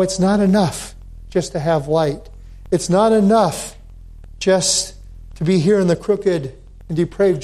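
Male pastor delivering a sermon, unhurried, leaning on repeated words for emphasis. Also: high-pitched, mellow. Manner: slow, deliberate preaching with emphatic repetitions.

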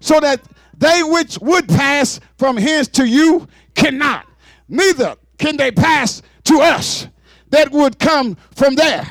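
A man preaching a fervent sermon, often shouting and calling on the congregation to answer back. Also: extremely high pitch, expressive, takes it slowly, no echo, clean studio sound. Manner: fervent, shouting with call-and-response.

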